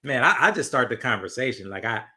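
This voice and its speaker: A young man hosting a casual interview podcast, relaxed and agreeable as he asks questions. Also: medium pitch, fast. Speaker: podcast host.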